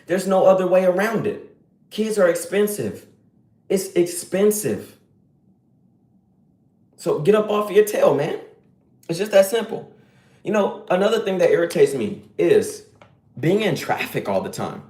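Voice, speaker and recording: A man's voice: sits high, very animated, a little slow, long pauses, darkish tone, reverberant. A man live streaming, giving a casual, slangy lecture in a preachy and emphatic way.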